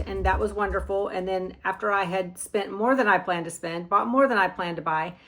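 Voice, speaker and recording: Middle-aged woman from Arkansas, knitting vlog host, casual and rambling, medium pitch. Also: a bit bright. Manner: chatty and rambling, with fillers and restarts. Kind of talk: casual chat to camera.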